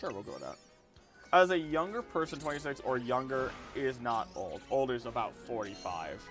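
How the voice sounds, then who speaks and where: A man's voice: mid-range voice, big pitch swings, normal speed, a bit bright, soft background music. Young man rambling on a game stream. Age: 20s. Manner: rambling, repeats words, talks to chat. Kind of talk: casual gameplay livestream chat.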